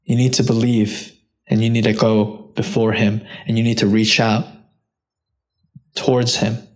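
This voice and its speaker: A man preaching a sermon, earnest and direct, rising to impassioned peaks and dropping low and soft when quoting. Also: little pitch movement, a little slow. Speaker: pastor.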